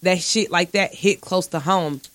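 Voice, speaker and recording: A woman telling stories in casual, profane chat, animated, with big jumps in pitch. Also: unhurried, no room sound.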